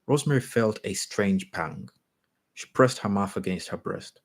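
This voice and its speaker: A man with a very low, husky voice reads a short story aloud. His pace is measured, and he sometimes stumbles and restarts a phrase. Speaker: reader.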